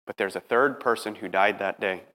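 A man's voice: lowish voice, normal speed. Emphatic male preacher in a reverberant hall. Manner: emphatic, swings from hushed to rising. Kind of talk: dramatic sermon storytelling.

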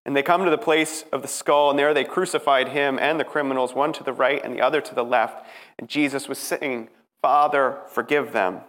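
A man preaching a dramatic sermon, emphatic, moving from hushed passages to rising ones. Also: on the high side. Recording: preaching in a reverberant hall.

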